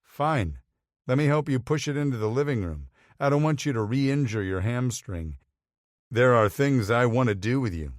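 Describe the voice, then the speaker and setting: A man's voice: mid-range voice, expressive, normal speed, no room sound, studio quality, lightly acted. A man voicing a smug, wry partner. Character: smug, affectionate grown man, partner and father.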